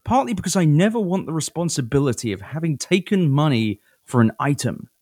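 Podcast host, British man, very animated swings in pitch, swears a lot, dry close sound. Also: brisk, no echo. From Britain. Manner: animated, profane ranting with mocking impressions. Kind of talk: casual chat.

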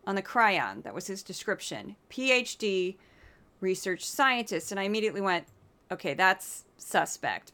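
A woman hosting a political commentary podcast, talking in a sarcastic, animated and opinionated way. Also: medium pitch, clear, resonant tone. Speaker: podcast host.

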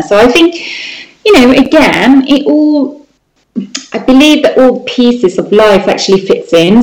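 A woman, a jewellery designer, telling her story in an interview with animated, lively retellings. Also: mid-range voice, roomy sound, low-quality recording.

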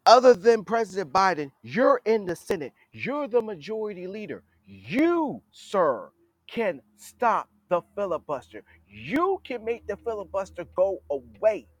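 A man with a high, very animated voice delivers a blunt political commentary monologue. He talks straight at the leaders he criticizes, in a scolding tone. The sound is dry and close. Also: unhurried, no room sound. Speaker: podcast host.

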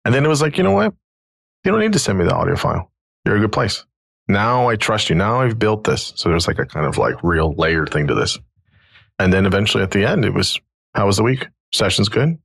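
A man with a low, gravelly, husky voice tells a story in a relaxed, chatty way. He is middle-aged and sounds like a podcast host. The sound is close and dry. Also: brisk, no room sound. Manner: animated storyteller, quoting others in his own voice. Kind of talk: casual storytelling conversation.

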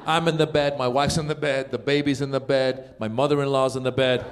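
A middle-aged man from Iran doing a stand-up set at a live show, animated and acting out other people's voices in his stories. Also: mid-range voice, a little hiss or hum. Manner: animated, acts out voices of others, quick punchlines. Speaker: stand-up comedian. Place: live comedy show with audience.

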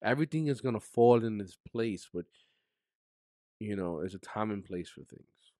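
A man speaking as a podcast guest, telling a personal story candidly in casual slang, his voice sinking soft and low at the painful parts. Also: animated, moderate pace, no room sound, clean studio sound. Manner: emotional, drops to a soft low voice when recounting hard moments; casual slang-heavy speech.

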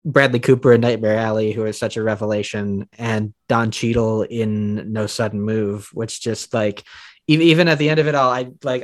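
A man co-hosting a casual film discussion, talking in a hesitant way with many restarts and fillers. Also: medium pitch. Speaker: podcast co-host.

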